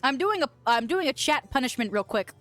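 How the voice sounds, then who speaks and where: A young woman streamer with a fairly high voice, chatting casually and giggling often. Her mouth is full of peanut butter as she reads chat messages aloud and sings little filler tunes. Faint music plays behind her. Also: animated, brisk, fairly bright tone, dry recording.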